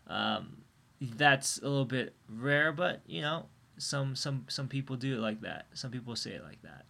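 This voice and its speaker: A man's voice: mid-range voice, lively intonation, moderate pace, gravelly, pushed and bright, no echo. Rambling male podcast co-host. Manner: rambling, many fillers and restarts. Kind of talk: casual podcast chat.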